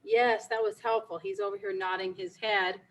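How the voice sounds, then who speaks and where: A woman's voice: mid-range voice, little pitch movement, moderate pace, rough recording. A woman band teacher politely asking a guest expert questions for her students.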